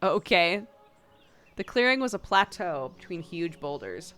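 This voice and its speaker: A woman's voice: fairly low pitch, big pitch swings, measured pace, a bit bright, clear, resonant tone. A young woman streamer reading a narrative game aloud, breaking off for playful, laughing asides.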